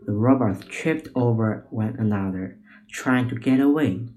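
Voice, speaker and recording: A man reading a children's story aloud, slow, clear and addressed to children. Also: medium pitch, a little mellow, poor audio.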